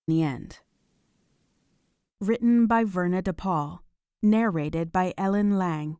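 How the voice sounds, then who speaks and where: A woman narrating a romance audiobook in a calm, even storytelling manner. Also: on the low side, takes it slowly, pauses often, clean tone, dry recording, clean studio sound. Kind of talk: scripted narration.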